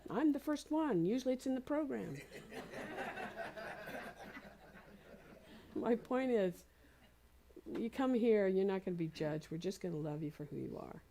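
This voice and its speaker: A woman minister giving a sermon, gentle and encouraging, slowly repeating phrases for emphasis. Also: mid-range voice, slight background noise. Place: spiritual community center.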